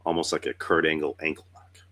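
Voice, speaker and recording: A man's voice: very deep voice, flat delivery, fast, fairly bright tone. A young man with a cold hosting a podcast in casual chat, talking in a loose, rambling way and swearing now and then. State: sick with a cold, rough voice. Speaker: podcast host.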